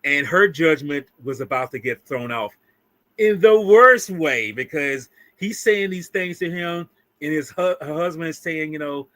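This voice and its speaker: A man co-hosting a casual film review, talking with animated energy, swearing freely and acting out what characters say. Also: a little high, a little slow, no echo.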